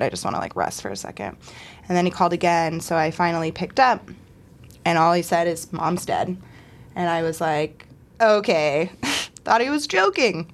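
A woman casually retelling a personal memory. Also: low-pitched. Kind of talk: personal recollection.

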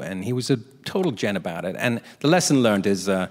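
A man's voice: lowish voice, quick pace, few pauses, in a large hall. A man telling a comic anecdote as a talk show guest, acting out the other people in it. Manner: animated storyteller doing voices of others.

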